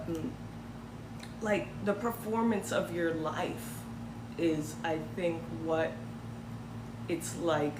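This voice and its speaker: Sarcastic woman ranting in an echoey room. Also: fairly low pitch. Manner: conversational, sarcastic, swings into mocking put-on voices. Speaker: host. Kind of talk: casual commentary livestream. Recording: echoey room with faint ambient noise.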